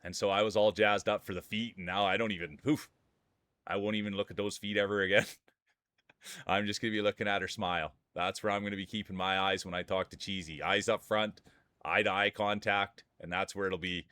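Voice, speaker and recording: A man's voice: lowish voice, steady tone, a little fast, pushed and bright, no room sound. A man streaming live, commentating marble races and bantering with chat, rambling and laughing often as he jokes.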